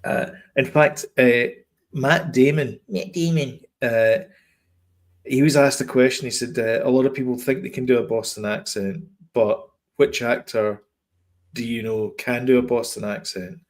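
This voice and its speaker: A man's voice: mid-range voice, steady tone, measured pace. A man co-hosting a podcast, chatting casually and meandering through stories about films and TV. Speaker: podcast co-host.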